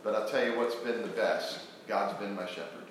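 A man's voice: on the low side, fairly even intonation, moderate pace, recorded from a distance, slight background noise, pitched below the performer's own voice, close to an everyday voice. A man voicing Jacob as a weary, humble old pilgrim during a sermon, in a very echoey hall. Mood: reflective.

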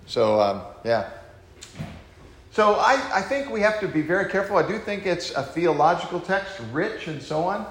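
A man leading an informal Bible study, talking in an animated way with many restarts and acted-out quotes. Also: high voice, moderate pace. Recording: echoey room with faint noise.

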